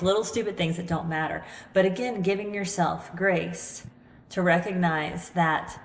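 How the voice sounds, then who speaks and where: A woman hosting a podcast, talking earnestly and a little ramblingly about staying calm in a crisis, recorded in her living room. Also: lowish voice. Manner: earnest, rambling, self-deprecating. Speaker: podcast host. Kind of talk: reflective motivational talk. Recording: echoey room with long reverb.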